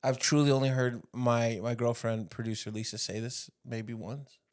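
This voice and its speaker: A man's voice: medium pitch, flat delivery, moderate pace. A young man co-hosting a podcast, teasing and emphatic in casual banter. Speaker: podcast co-host.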